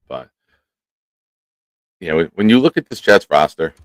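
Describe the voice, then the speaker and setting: Deep-voiced male host of a live stream, lively and chatty, dry studio mic. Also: no room sound. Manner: animated, talks to chat by name. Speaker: show host. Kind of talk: casual live-stream chat. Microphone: studio microphone.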